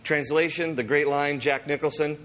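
Animated preacher man with a higher voice. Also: normal speed. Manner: animated, acts out quotes with voices. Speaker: pastor. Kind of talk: sermon.

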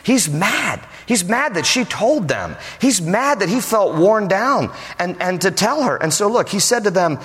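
A male pastor preaching a sermon, telling a story in a humorous, animated way. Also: high-pitched, unhurried, few pauses, slight background noise. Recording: long reverb of a large hall.

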